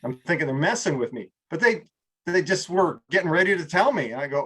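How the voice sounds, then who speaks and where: A man's voice: on the high side, animated, pushed and bright, slightly rough. A man from California leading a group coaching call in a casual, rambling way, full of fillers and restarts, a little tired. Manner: rambling, many fillers and restarts, acts out slow drawled examples. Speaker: group mastermind leader.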